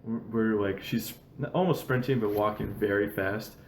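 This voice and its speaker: A podcast host with a lowish voice at normal speed tells loose, rambling stories in casual chat, saying "like" constantly and laughing often. The recording has a roomy echo and faint background noise.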